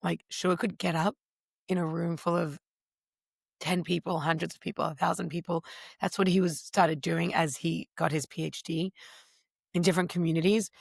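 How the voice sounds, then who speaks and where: Brief: middle-aged woman, interview guest, animated storyteller, slight fry. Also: fairly low pitch, normal speed, dry recording, clean studio sound. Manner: expressive, animated storyteller with voices. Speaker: podcast guest. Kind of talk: interview conversation.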